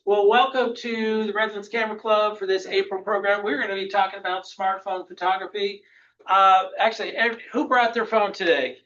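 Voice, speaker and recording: High bright-voiced man presenting to a club. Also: fairly even intonation, fairly quick, dull audio. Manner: chatty, loose, many restarts, addresses the room. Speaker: presenter at a camera club meeting. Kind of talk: casual interactive presentation. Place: club meeting room, in person and online.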